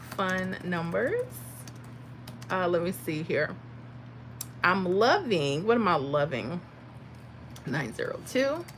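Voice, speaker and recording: A woman's voice: fairly low pitch, fairly bright tone, slight background noise, low-quality recording. A woman from Florida, hosting a casual livestream and answering viewer comments. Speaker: livestream host.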